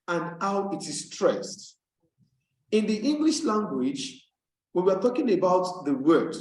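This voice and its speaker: A man's voice: a little high, darkish tone, roomy sound, low-quality recording. A man from Nigeria teaching an English lesson over a video call, patiently explaining and repeating key words for emphasis. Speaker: English tutor.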